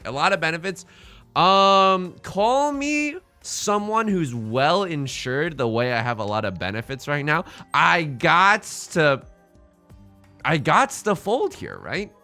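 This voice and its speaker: A young man giving casual, joking commentary over his own gameplay, slipping in quick impressions. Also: high voice, pushed and bright. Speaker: let's play streamer. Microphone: headset mic.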